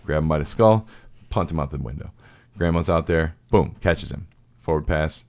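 A young man with a very deep, low voice chats loosely on a podcast. He rambles through silly stories and slips into quick acted voices for the people in them. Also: creaky, darkish tone. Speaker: podcast host. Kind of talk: casual chat.

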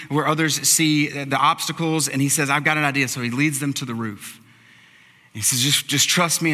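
A man's voice: fairly high pitch, pushed and bright. A man preaching a conversational sermon, acting out the characters' lines as he goes. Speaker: pastor. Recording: preached in a large hall with long reverb.

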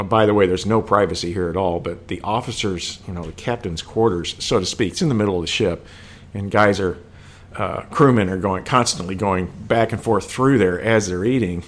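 A man discussing a war film in casual conversation, thoughtful and hesitant, with frequent fillers and restarts. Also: fairly low pitch.

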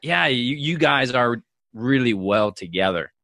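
A man hosting a casual podcast chat, talking in rambling runs with quick restarts. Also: medium pitch, expressive, sharp tone, no echo, studio quality.

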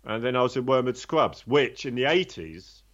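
A man's voice: mid-range voice, animated, moderate pace, a bit bright, dull audio. A man telling his own story in a candid, conversational way, blunt and swearing freely, rambling with restarts.

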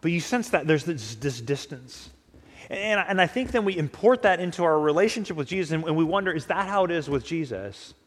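A man gives a sermon in a casual, conversational way, often slipping into imagined dialogue. His voice sits a little higher than most men's and carries a long reverb, as in a church sanctuary. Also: expressive, fairly quick. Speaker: pastor.

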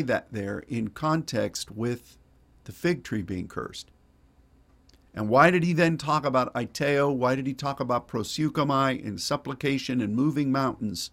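A man's voice: mid-range voice, unhurried, fairly bright tone. A male pastor preaching a sermon in a folksy, digressive way with wry asides.

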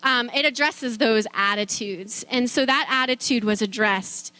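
A woman's voice: fairly high pitch, measured pace, sharp tone, no room sound. A middle-aged woman telling a personal faith testimony in a chatty way, with many fillers, restarts and easy laughter. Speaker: speaker sharing a faith testimony.

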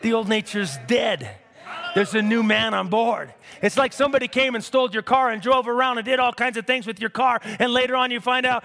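A man preaching a sermon. He shifts between shouted declarations and low, wry asides, and he calls on the congregation for responses. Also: steady tone, a little fast, creaky, long reverb tail.

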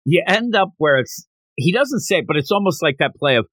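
A man's voice: fairly high pitch, normal speed, no echo, rough recording. A man hosting a podcast, chatting casually and rambling through a manga chapter recap. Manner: rambling, animated, acts out quoted lines. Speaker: podcast host.

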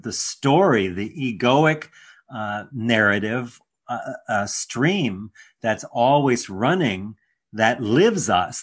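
A man's voice: mid-range voice, fairly bright tone, breathy edge. Affirming, teacherly man. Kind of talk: casual conversation.

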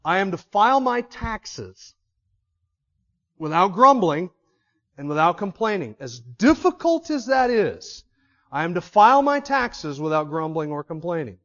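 A man's voice: sits high, very animated, moderate pace, fairly bright tone, in a large hall, muffled recording. A man preaching a sermon as a pastor, with emphatic stress and repeated key words.

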